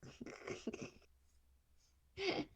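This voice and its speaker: A woman's voice: drawn-out words, fairly bright tone. A woman playing a tabletop game, giggly and flustered as she talks. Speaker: player. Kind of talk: casual tabletop game play.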